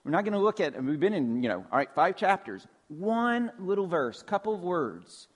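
A man's voice: high-pitched, very animated, moderate pace. A male pastor preaching a sermon in a church, in a conversational way with frequent casual fillers. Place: church sanctuary.

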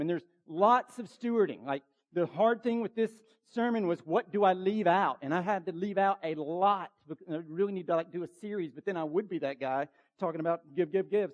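A man preaching a sermon as pastor, urgent and emphatic, with quick asides to the congregation. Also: sits high, muffled recording.

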